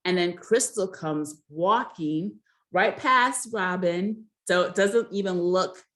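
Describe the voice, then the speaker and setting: Low-voiced woman gossiping about reality TV. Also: slow, a bit bright. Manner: rambling, many fillers like "um" and "you know"; gossipy, opinionated commentary. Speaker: reality TV recap host. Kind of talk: casual chatty recap.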